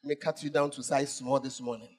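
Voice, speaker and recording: A male pastor preaching a sermon, swinging between shouts and hushed asides as he teases the congregation. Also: mid-range voice, steady tone, a little fast, slightly rough, faint music behind.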